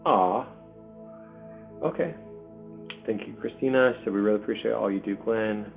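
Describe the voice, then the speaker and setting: A man hosting a spiritual community video call, speaking softly and hesitantly with many pauses and ums. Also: on the low side, gravelly. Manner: soft-spoken, hesitant, full of pauses and ums. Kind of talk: heartfelt spiritual community talk. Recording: tinny call audio with faint music.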